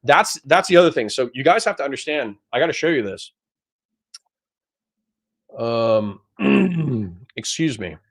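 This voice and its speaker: Male livestream host, mid-pitched, blunt, profane, chatty delivery. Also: very animated, measured pace, long pauses. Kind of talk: livestream reading chat.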